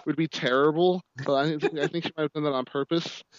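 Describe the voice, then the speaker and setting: Higher-voiced joking young man, dry lo-fi. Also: fairly even intonation, fast talker, smooth, no echo. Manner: joking, repetitive listing, hesitant fillers. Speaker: co-host. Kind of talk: casual review chat. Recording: dry, dull lo-fi audio.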